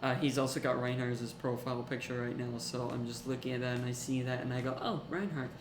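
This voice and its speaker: A young man casting a college esports match, excitable and jokey, rising to shouts in the big plays. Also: medium pitch, quick pace, echoey room, noisy background. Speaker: esports caster. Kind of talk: play-by-play commentary.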